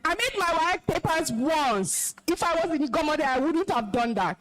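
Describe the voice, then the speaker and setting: A woman's voice: high-pitched, expressive, moderate pace, a little hiss or hum. A young Nigerian woman, an alumna, gives a stern, emotional talk to schoolchildren, commanding and scolding them. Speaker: alumna speaker at school event. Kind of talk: stern address to students.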